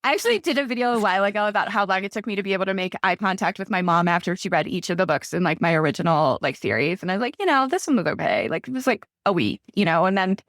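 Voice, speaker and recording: A woman's voice: medium pitch, lively intonation, rapid-fire, few pauses, a bit bright, no room sound, clean studio sound. A woman author in her thirties, chatting casually in a podcast interview and telling stories with many "like" fillers. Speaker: author guest.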